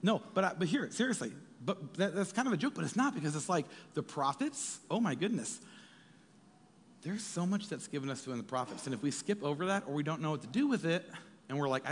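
A man preaching a sermon as pastor, animated and jokey, slipping into quick acted asides. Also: a little high, slight background noise. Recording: reverberant hall.

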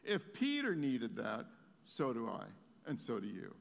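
A man's voice: medium pitch, wildly swooping pitch, a little slow, gravelly, long reverb tail. A man preaching a sermon as pastor, telling stories in a conversational way with many fillers and restarts.

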